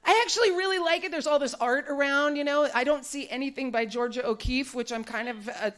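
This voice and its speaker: A brash, bawdy woman works through a live stand-up set, breaking into laughs as she goes. Her voice sits a little high for a woman, and she is recorded in a small studio venue set up in a warehouse. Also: fairly quick, a bit bright. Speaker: stand-up comedian.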